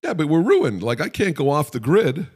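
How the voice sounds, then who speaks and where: On a podcast, a middle-aged male co-host talks casually in a fairly high voice whose pitch swoops wildly; it's slightly rough, a little mellow, and at normal speed. His remarks are wry and rambling, and he often stops and restarts his thoughts.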